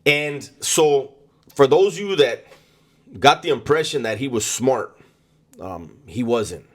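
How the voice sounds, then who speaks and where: A man casually recounting a personal story, halting often with ums and repeated words in an unhurried, conversational delivery. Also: medium pitch, animated, fairly bright tone. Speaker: storyteller recounting prison experiences.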